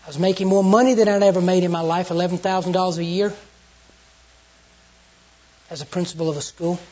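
A preacher with a Southern US accent tells an earnest sermon story, dropping to a hush and then rising again. The voice is husky and mid-pitched. The recording sounds dull and lo-fi. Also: steady tone, brisk. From Southern United States. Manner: storytelling and earnest, with sudden hushed and loud turns.

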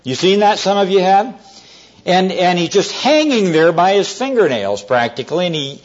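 An earnest male preacher delivers an evening sermon, his fairly high voice rising and falling a great deal. He slows down to press key words home. The recording is dull and lo-fi. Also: expressive. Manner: earnest storytelling, often slowing to stress words.

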